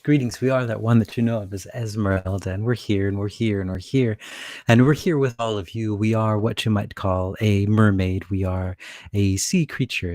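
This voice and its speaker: A man speaking as a channeled mermaid spirit, in slow, calm, repetitive speech. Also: lowish voice, dry recording, natural voice.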